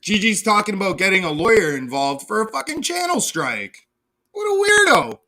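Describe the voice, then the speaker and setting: A young Canadian man rants mockingly on a casual livestream, swearing and laughing at his own jabs. His high-pitched voice swings widely in pitch, and he speaks briskly with a bright, forceful tone.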